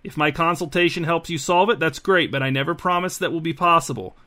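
A man voicing a polite, cautious middle-aged consultant who speaks in a measured, formal way, close to his own voice. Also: on the high side, pushed and bright. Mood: cautionary.

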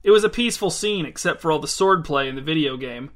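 A man reading a story aloud in an even, measured way. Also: on the high side. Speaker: narrator.

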